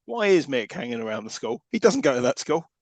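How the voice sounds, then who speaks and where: A man's voice: mid-range voice, big pitch swings, a little fast, darkish tone, no room sound. A man trading dry, joking asides as co-host of a casual podcast. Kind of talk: casual chat recapping a film.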